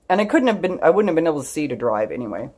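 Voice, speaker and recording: A woman's voice: low-pitched, sing-song, fast, darkish tone, slightly rough. A woman vlogger telling a personal story straight to camera in a candid, chatty way, swearing freely and laughing through tears. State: tearful.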